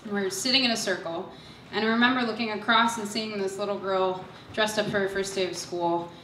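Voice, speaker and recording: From far off in an echoey hall, a young woman tells a personal story on stage, nervous and self-deprecating, laughing through her lines. Her mid-range voice is fairly bright and fairly quick with fairly even intonation, over slight background noise.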